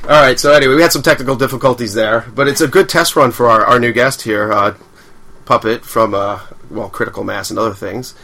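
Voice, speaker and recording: A man's voice: mid-range voice, steady tone, a little fast, sharp tone. A man hosting a casual talk show, joking and laughing often. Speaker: host. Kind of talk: casual chat.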